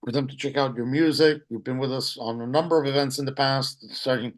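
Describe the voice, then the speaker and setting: A man's voice: medium pitch, fairly quick. Easygoing male host with many fillers. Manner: relaxed, with many fillers and small laughs. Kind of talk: hosting an online comedy event. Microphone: video call.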